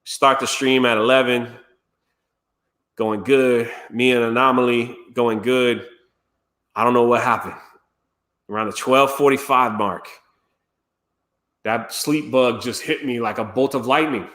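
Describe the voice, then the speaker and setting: A man's voice: mid-range voice, unhurried, long pauses, a bit bright. A man streamer telling a story casually and animatedly, laughing and acting out quotes. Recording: roomy echo.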